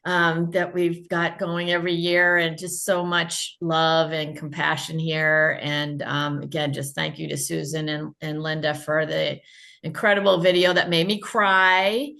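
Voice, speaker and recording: A woman's voice: fairly low pitch, creaky, sharp tone. A woman giving brief, heartfelt thank-you remarks over a video call.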